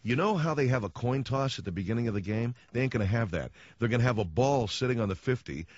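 A man's voice: medium pitch, expressive, fast talker, no echo, dull audio. Wry male radio talk host. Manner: wry, sarcastic storytelling with acted-out quotes. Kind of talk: casual radio monologue. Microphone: studio microphone.

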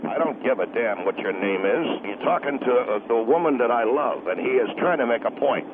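A man voicing a hot-tempered, threatening middle-aged husband who talks in a gruff, blustering, menacing way, heard over a phone line. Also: medium pitch, lively intonation, brisk, lightly acted. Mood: angry. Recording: tinny phone line with hiss.

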